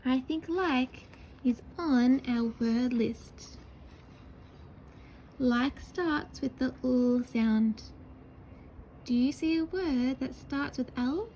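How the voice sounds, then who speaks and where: A woman teacher sounds out words for young children, slowly and patiently. Her voice sits high but has a mellow, soft tone. A faint hiss of background noise runs under the recording. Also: rough recording. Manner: slow, sounding out words syllable by syllable; patient, encouraging. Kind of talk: early-years writing lesson.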